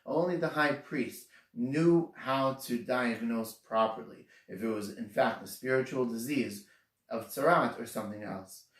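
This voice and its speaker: A man of middle pitch preaches earnestly, explaining step by step and hitting key words with sudden emphasis. His voice sits back from the mic, and the room around him rings with echo. It sounds like a sermon taped from across a room. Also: fairly bright tone. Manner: earnest, explanatory, frequent restarts, stresses single words. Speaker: Torah teacher. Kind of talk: sermon on the weekly portion. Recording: echoey room, voice from far off mic.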